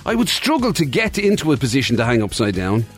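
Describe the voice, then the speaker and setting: A man's voice: mid-range voice, sing-song, fast talker, faint music behind. A man co-hosting a radio show, chatty and enthusiastic and often stumbling over his words. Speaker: radio co-host. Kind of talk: casual chat with sponsor read.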